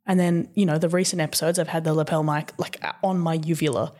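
A woman's voice: deep voice, level tone, fast, mellow. A young woman on a casual podcast, bubbly and self-deprecating. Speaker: podcast co-host.

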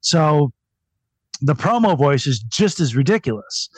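A man's voice: a little high, sing-song, unhurried, breathy edge, no room sound. A man being interviewed as a guest on a casual podcast, talking irreverently and laughing often.

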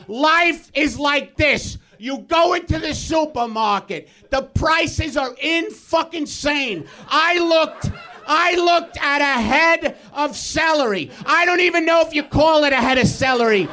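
Man, comedian, very high strained voice, bright and forceful, slow furious shouted rant. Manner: shouting, exasperated, profane ranting. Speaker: comedian guest. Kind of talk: live stand-up rant on a podcast stage.

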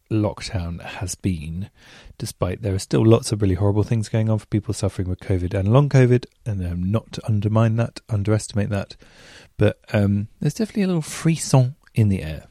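Mellow man telling chatty stories. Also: fairly low pitch, normal speed, dry recording, studio quality. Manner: rambling, self-mocking asides and rhetorical questions. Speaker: podcast host. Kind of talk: casual chatty storytelling.

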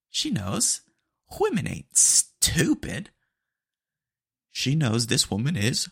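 A man's voice: on the high side, big pitch swings, a little slow, vocal fry, fairly bright tone, husky, no room sound, studio quality. A young man hosting a podcast, telling retail stories in a chatty, slangy way with lots of fillers. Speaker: podcast host. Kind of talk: casual storytelling monologue.

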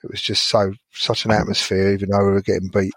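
A man's voice: on the low side, completely flat delivery, fast talker, husky, no echo. Rambling man recalling old match days. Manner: rambling, repeats words while thinking. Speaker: podcast co-host. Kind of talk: casual storytelling chat.

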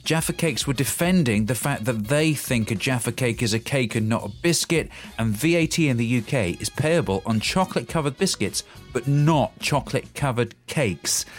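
Easygoing man hosting. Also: medium pitch. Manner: chuckly, easygoing presenter. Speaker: podcast co-host. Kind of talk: casual awards-show chat.

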